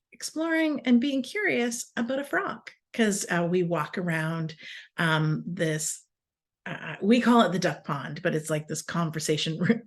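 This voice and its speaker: A woman's voice: on the low side, a bit bright. A woman in her forties telling casual stories. She rambles, laughs mid-sentence and breaks off into asides. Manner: self-correcting restarts and asides. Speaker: wellness speaker. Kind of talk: casual storytelling.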